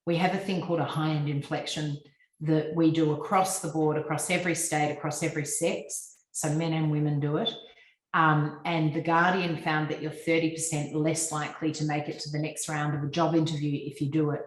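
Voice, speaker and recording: A woman's voice: deep voice, level tone, brisk, roomy sound, rough recording. An Australian woman giving a fluent, instructive business talk over a video call, with frequent ums. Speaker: guest speaker on personal branding. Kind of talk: presentation to a business audience.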